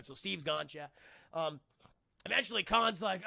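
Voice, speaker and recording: Man, excitable livestream movie recap, profane, frequent restarts, very gravelly voice, high pitch. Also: normal speed, dry recording, studio quality. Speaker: streamer and movie reviewer. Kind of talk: casual livestream commentary.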